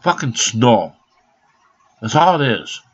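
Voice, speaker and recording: Husky man ranting, profane and loud. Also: medium pitch, sing-song, slow pace, dull audio. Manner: profane, rambling, bursts of shouting. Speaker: vlogger. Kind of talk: angry rant to camera.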